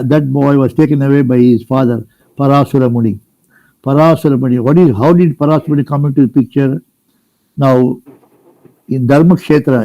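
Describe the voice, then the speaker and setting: Older man telling a scripture story, mellow. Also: mid-range voice, no room sound, highs cut off. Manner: rambling, with restarts and plain questions to listeners. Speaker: spiritual storyteller. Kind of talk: retelling a scripture story to a group.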